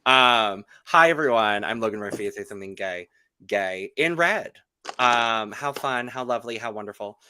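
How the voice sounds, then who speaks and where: A man hosts a loose, joking podcast chat with a campy, chatty delivery. His voice sounds worn and close to giving out, though it keeps a bright, forceful edge. It comes through dry and close to the mic. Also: on the low side, animated, moderate pace, clear, resonant tone, no room sound. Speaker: podcast host. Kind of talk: casual chat.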